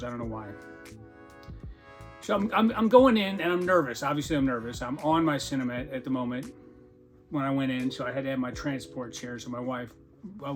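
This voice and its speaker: A man hosting a podcast, talking candidly about his own life in a conversational, self-deprecating way with a wry sense of humor. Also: mid-range voice. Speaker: podcast host. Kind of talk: candid personal monologue.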